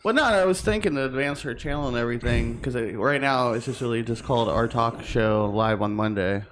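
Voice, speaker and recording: A man's voice: mid-range voice, fairly quick. Laughing talk show co-host man, light hiss. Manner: laughs often, rambling plans. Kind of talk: casual chat. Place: home studio room.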